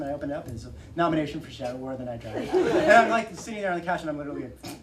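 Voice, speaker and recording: A man with a slightly high voice tells stories to a bookstore audience, laughing often and acting out the lines of other people. The recording is roomy and distant, with light hiss. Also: expressive, rapid-fire. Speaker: author at a bookstore talk. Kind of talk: casual storytelling to an audience. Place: bookstore event room. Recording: roomy audio from far off.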